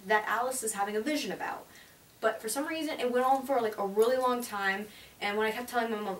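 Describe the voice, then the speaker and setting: A woman's voice: on the high side, fairly quick, a bit bright. A teenage girl reviewing a movie in a chatty, gushing way, with lots of "like". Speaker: vlogger. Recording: roomy, distant mic, faint hiss.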